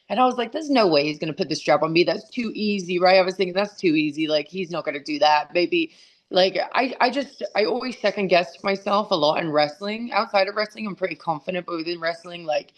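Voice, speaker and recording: A woman, a guest talking candidly and casually, full of fillers and restarts, over a video call. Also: on the low side. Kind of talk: casual interview chat.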